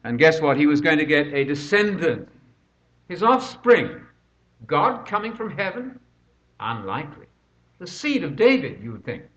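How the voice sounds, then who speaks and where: A man's voice: on the high side, big pitch swings, normal speed, fairly bright tone. An older man preaching a conversational sermon, full of rhetorical questions, recorded on a dull lo-fi track.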